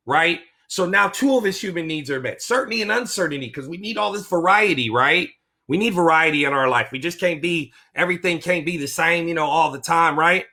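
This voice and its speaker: Middle-aged man, veterans' claims coach, bright and slightly high voice, emotional, rambling, keeps restarting his sentences. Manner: emotional, rambling, self-interrupting. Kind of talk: motivational vlog talk.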